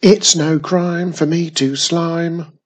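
A man's voice: mid-range voice, steady tone, takes it slowly. A man voicing a rude, cackling male slime monster who taunts and giggles in a storybook reading. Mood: mocking.

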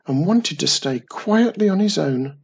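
A man voicing a warm, mysterious witch mother who speaks in a lively, reassuring way. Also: fairly high pitch, measured pace, gravelly, breathy edge, pitched above the performer's own voice, exaggerated voice.

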